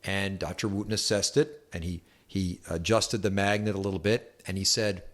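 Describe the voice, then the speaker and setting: A chiropractor telling a story to camera in a relaxed, anecdotal way with wry asides. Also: male voice, sits low, normal speed. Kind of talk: storytelling health talk to camera.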